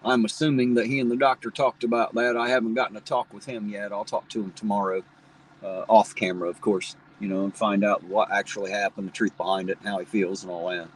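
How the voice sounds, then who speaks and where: A middle-aged man hosts a live stream, talking fast in a lowish, flat voice with a slight Southern drawl from the tri-state corner where Ohio, Kentucky and West Virginia meet. He rambles in a folksy, casual way while reading viewer comments. The audio is poor, with slight background noise.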